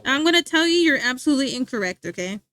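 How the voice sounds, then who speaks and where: A woman's voice: sits high, very animated, fast talker, sharp tone, no echo. A young woman livestreaming from home, chatting casually with her viewers, teasing them playfully and laughing often. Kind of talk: casual chat reading stream chat. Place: home streaming setup.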